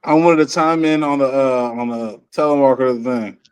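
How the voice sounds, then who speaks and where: A man on a casual group call, telling a relaxed story and doing quick impressions. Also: medium pitch, a loud crowd.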